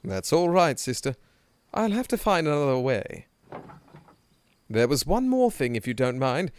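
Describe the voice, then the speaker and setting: A man's voice: medium pitch, sing-song, unhurried, clear, resonant tone. A man streaming a game live, reading dialogue aloud with wry, playful asides. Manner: wry, playful asides between read lines.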